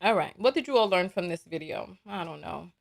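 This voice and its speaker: A woman's voice: on the low side, expressive, fairly quick, vocal fry. A woman hosting a live reaction stream, reading viewer comments in a blunt, exasperated way and often repeating herself. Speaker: livestream host.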